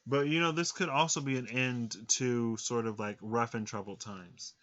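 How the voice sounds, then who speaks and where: A man's voice: mid-range voice, fairly even intonation, moderate pace, a bit bright, highs cut off. A man giving a casual tarot reading, rambling with lots of fillers and frequent laughs. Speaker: tarot reader.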